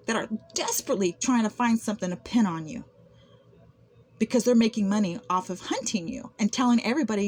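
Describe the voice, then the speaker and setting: Here the vlogger's voice is a little high with a darkish tone. Talking unscripted to camera about her own experiences, she sounds aggrieved, frequently restarting and repeating herself.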